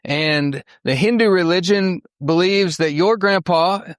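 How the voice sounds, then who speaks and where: A man's voice: high-pitched, a little slow, no room sound, studio quality. A middle-aged man from Western Oklahoma giving a church mission talk, telling his story in a folksy, earnest way with fillers and restarts. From Western Oklahoma, USA. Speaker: missionary speaker.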